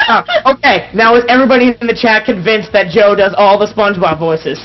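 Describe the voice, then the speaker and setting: A man hosting a casual live-stream podcast, excitable and giggly. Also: sits high, fairly quick. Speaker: podcast host. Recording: dull lo-fi stream audio with faint music.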